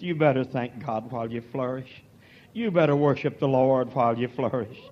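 An older man preaching a sermon, moving from quiet folksy talk to shouted, drawn-out peaks. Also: medium pitch, lo-fi sound.

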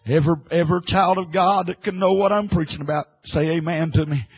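A man preaching an impassioned sermon, swinging from hushed, quiet lines to loud, shouted ones. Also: a little high, fairly even intonation, fairly quick, husky, rough recording.

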